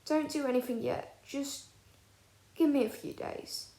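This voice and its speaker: A woman's voice: sits high, fairly even intonation, unhurried, mellow, roomy sound, voice pushed up. A woman voicing a wary, self-conscious teenage schoolboy who is a werewolf. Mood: anxious. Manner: wary, hesitant.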